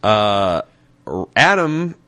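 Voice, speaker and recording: A man's voice: fairly low pitch, big pitch swings, extremely slow, bright, forceful tone, dry recording. A man co-hosting a casual TV discussion podcast, blunt and profane, with a joking edge. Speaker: podcast co-host.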